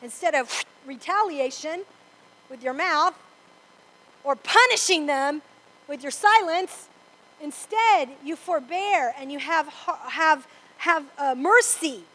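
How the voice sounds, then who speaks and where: A woman's voice: high-pitched, animated, slow, sharp tone, rough recording. A woman preaching to a congregation, emphatic and repetitive, often asking "Amen?". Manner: emphatic, repeats for stress, asks the congregation "Amen?". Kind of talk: sermon. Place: church before a congregation.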